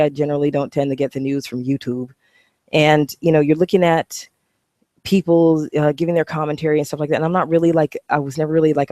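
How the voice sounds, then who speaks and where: A woman vlogging a casual, profane, sarcastic rant, animated and acting out voices. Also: low-pitched, dry recording, studio quality. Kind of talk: casual ranting monologue.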